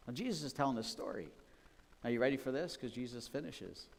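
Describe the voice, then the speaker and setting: A man's voice: mid-range voice, animated, fast, gravelly. Pastor, man, chatty sermon delivery, church hall with long reverb. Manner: conversational, personal and full of asides. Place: church sanctuary.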